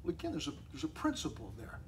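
Animated preaching man, slightly high voice. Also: quick pace, slight background noise. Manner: conversational, animated preaching with asides to the congregation. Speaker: pastor. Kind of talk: sermon.

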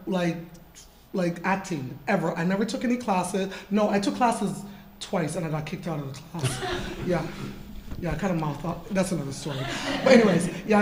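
A woman's voice: on the low side, darkish tone. Chatty woman in a roomy hall. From Canada. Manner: chatty, laughs often, lots of "like" fillers. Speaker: guest model in an artist talk. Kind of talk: casual storytelling interview. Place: event room with an audience.

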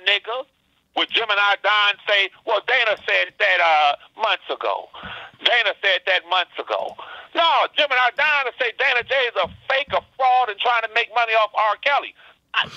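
A man's voice: very high voice, bright, forceful tone, dry recording, lo-fi sound. A man calling in to a live stream, ranting angrily and swearing, repeating his points. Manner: angry, swearing, repeats himself. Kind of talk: heated call-in rant.

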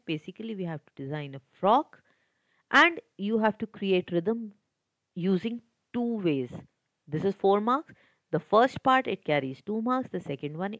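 A woman's voice: mid-range voice, dry recording, low-quality recording. A woman teacher with an Indian accent explaining an exam paper step by step, slipping Hindi phrases into English. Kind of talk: exam lesson walkthrough.

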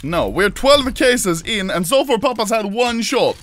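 A man hosting a casual gaming video, excitable and joking, with loud outbursts. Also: high-pitched, measured pace. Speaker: host.

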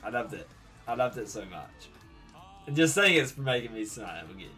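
A man reacting to a show on his channel in casual talk, excitable and gushing, often breaking into laughter. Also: medium pitch, normal speed, soft background music.

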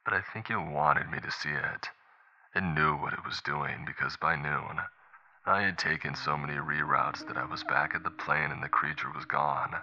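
A man voicing a wounded male pilot recording tense, hushed last messages while a creature hunts him. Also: fairly even intonation, normal speed, full character voice. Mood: grim. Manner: low, tense, hushed reports. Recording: muffled lo-fi recorder playback.

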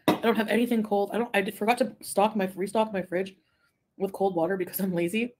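A woman from Quebec chatting casually on a live stream, reading viewer comments, rambling and giggling, sometimes trailing off into a soft mumble. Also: mid-range voice, fairly even intonation, normal speed, very noisy. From Quebec, Canada. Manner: rambling, easily distracted, giggly asides. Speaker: livestreamer.

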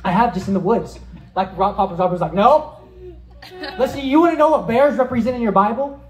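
Animated preacher in an echoey hall. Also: male voice, sits high, quick pace. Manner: animated storytelling, acting out scenes, rising to shouts. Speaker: pastor. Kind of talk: sermon with storytelling and prayer.

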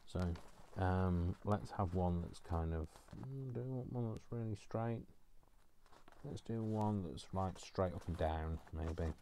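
A man's voice: low voice, slow, background noise. A man talking casually while he crafts, rambling and teasing himself along the way. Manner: rambling, self-mocking asides. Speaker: craft vlogger.

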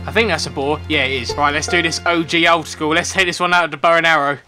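A young man giving excitable let's-play commentary, yelping and shouting whenever something surprises him. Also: on the high side, fast talker, faint music behind. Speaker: gaming commentator.

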